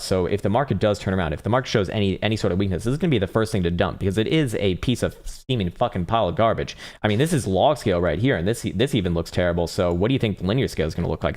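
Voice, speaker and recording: Male live-stream market host with a lowish voice, casual, rambling and profane.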